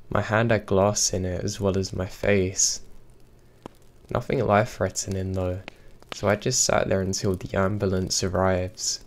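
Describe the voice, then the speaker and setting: A man reading true scary stories aloud in a steady, even storytelling delivery. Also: deep voice. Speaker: horror story narrator. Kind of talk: scripted narration.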